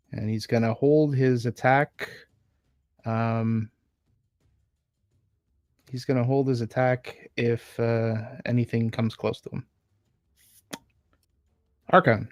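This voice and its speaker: Picture a man running a tabletop game, talking slowly and picking his way through the scene with plenty of ums and uhs. The sound is dry and close, with no room around it. His pitch sits in an ordinary middle range. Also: darkish tone, dry recording. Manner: hesitant, many filler words. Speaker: game master.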